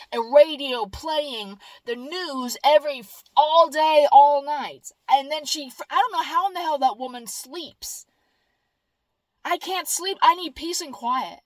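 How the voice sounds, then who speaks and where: A woman vlogging straight to camera in a loose, rambling monologue. Her voice sits high, and she talks bluntly, curses freely and slips into whiny mimicry. The sound is dry and close, with no room around it. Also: no room sound.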